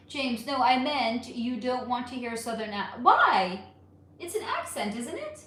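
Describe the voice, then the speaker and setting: A woman's voice: fairly high pitch, big pitch swings, normal speed, fairly bright tone. A woman hosting a casual live stream, reading chat questions aloud and answering them frankly, with some swearing. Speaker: livestream host reading chat. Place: home room. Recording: roomy echo with faint ambient noise.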